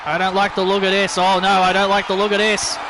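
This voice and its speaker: A man doing excitable play-by-play wrestling commentary over a video game, yelping at big moves and joking sarcastically about glitches. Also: sits high, fast, crowd noise, noisy background.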